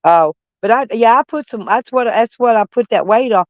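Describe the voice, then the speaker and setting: A woman's voice: a little high, normal speed, dry recording, dull audio. A woman chatting with viewers on a livestream, blunt and swearing freely, calling people honey. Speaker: livestream host. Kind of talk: casual livestream chat with viewers.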